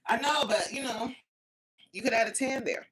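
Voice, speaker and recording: Chatty and casual, a woman hosts a livestream on her phone, reading out viewer comments and grumbling about glitches that make the stream cut out. Her fairly high voice is a bit bright with a breathy edge, and her pace is moderate.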